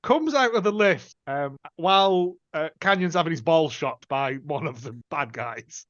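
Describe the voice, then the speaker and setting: Brief: male podcast host, bouncy pitch, crude comic film recap, dry lo-fi sound. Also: no room sound. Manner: sweary, animated retelling with quick silly voices. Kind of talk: casual film-review banter. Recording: dull lo-fi sound.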